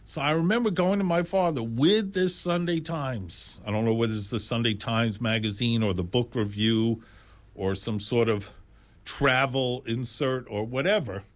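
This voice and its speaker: An older man spins a casual jazz story, animated and full of exclamations. His pitch sits in an ordinary middle range, and he wanders into asides and restarts as he goes. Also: normal speed. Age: 60s or older.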